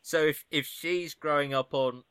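A man hosting a podcast, asking questions in a halting, casual way. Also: on the high side, steady tone, fairly bright tone, a little hiss or hum. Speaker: podcast host. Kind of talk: casual interview chat.

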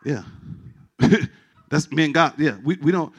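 Bright, gravelly-voiced preacher man. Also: fairly high pitch, measured pace. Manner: animated and emphatic, repeats words and stammers, jokes with the congregation. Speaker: pastor. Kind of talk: sermon.

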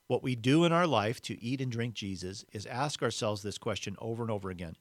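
A man's voice: mid-range voice, moderate pace, no echo, clean studio sound. A man hosting a podcast, giving a devotional teaching in a reflective way and repeating key words for emphasis. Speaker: podcast host.

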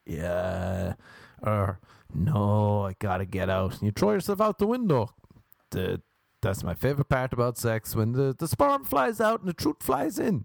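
A man's voice: mid-range voice, vocal fry, dry recording, clean studio sound. A young man doing a rambling comic monologue to camera, crude and joking, often stopping to restart his sentences. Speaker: vlogger.

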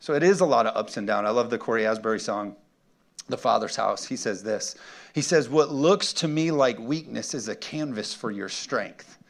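A middle-aged man preaching a sermon to his congregation, energetic and humorous, often asking the room for an amen. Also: medium pitch, moderate pace, vocal fry. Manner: energetic preaching with call-and-response questions and humor. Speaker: pastor. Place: church sanctuary with congregation.

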